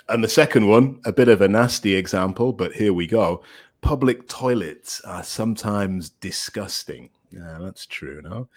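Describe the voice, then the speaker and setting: A man co-hosting a podcast English lesson, reading example sentences aloud slowly and encouraging his co-host. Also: lowish voice.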